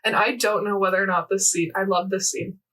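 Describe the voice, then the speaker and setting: A young woman chatting on a podcast, her voice sitting at an ordinary middle pitch. She rambles animatedly, recounting scenes in quoted dialogue with a constant stream of fillers. She sounds a little distant from the microphone. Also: fairly even intonation, brisk, fairly bright tone. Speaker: podcast co-host. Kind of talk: casual chat recapping a game event.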